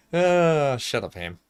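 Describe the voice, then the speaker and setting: A man's voice: fairly high pitch, sharp tone. A young adult man with an Australian accent, chatting casually on a live game stream, rambling and joking and laughing a lot as he reads out chat.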